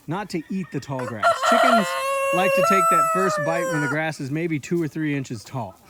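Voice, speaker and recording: Brief: rambling farmer guy, higher pitched and very animated, outdoor recording with a lot of background noise. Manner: chatty, talks affectionately to his chickens. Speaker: farmer and video host. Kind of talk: casual walk-and-talk vlog. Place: outdoors in a pasture. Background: chickens clucking and roosters crowing.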